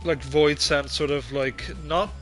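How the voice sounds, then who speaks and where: A man's voice: fairly high pitch, steady tone, measured pace, a bit bright, faint music behind. A man streaming a game, chatting casually and thinking aloud with plenty of fillers. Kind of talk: casual gaming commentary.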